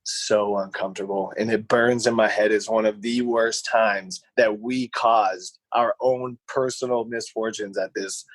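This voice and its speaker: A man's voice: lowish voice, steady tone, a little slow, hardly any pauses, dry recording, low-quality recording. A man co-hosting a podcast, telling stories in a casual chat, rambling and repeating words as he goes. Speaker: podcast co-host.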